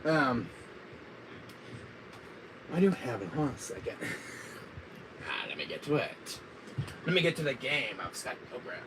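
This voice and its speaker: A man casually chatting with his viewers on a gaming live stream, giggly and excitable. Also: medium pitch, unhurried, pauses often, background noise.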